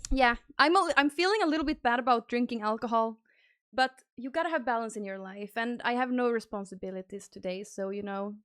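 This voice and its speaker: Young woman streamer, high voice, bubbly, excited thank-yous, casual chat. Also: brisk, no room sound, studio quality.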